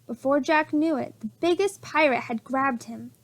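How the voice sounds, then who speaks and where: A woman and preschool teacher reading stories aloud to young children in a slow, expressive, sing-song way. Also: high voice. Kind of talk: reading a picture book and chapter book aloud to children.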